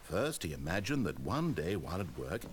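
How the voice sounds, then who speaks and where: A man's voice: deep voice, very animated, normal speed, a little hiss or hum. A man voicing a dry, teasing game narrator who addresses the player directly. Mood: teasing narration. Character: wry, mocking male storybook narrator of a game. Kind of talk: scripted narration.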